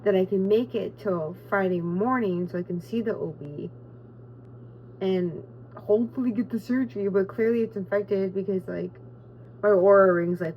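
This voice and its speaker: A woman's voice: medium pitch, moderate pace, recorded from a distance, dull audio. Woman, twenties, vlogger, in pain, frustrated, laughing it off, off-mic, faint noise. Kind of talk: casual vlog talk to camera.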